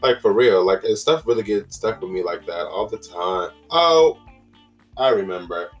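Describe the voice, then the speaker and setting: A man's voice: on the low side, lively intonation, normal speed, faint music behind. A man hosting a casual solo podcast, rambling and chatty with lots of fillers and exclamations. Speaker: podcast host.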